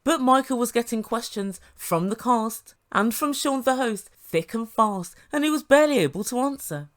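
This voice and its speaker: Woman picking apart a reality show, sarcastic, slightly high voice. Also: expressive, moderate pace. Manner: sarcastic, mimics the people she quotes. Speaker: reality TV reviewer. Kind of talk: commentary.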